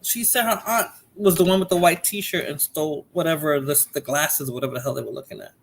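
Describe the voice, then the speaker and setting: A man with a somewhat high voice hosts a live reaction stream. He chats casually, calling out to viewers in the chat as he reacts to a clip. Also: brisk, gravelly, slightly rough. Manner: chatty, talks to viewers in chat by name. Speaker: livestream host reacting to videos.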